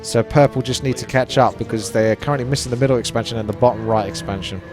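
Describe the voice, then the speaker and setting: A man's voice: mid-range voice, fairly even intonation, fast, over music. A man casting a live strategy game match, chatty and analytical. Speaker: esports caster.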